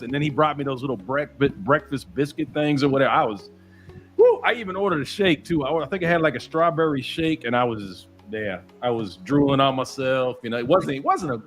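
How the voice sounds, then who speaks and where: A man's voice: medium pitch, animated, fairly quick, faint music behind. An American man hosting a livestream, chatting casually and rambling through stories with lots of fillers. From United States. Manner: laid-back, rambling storytelling with many fillers. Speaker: livestream host. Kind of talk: casual chat.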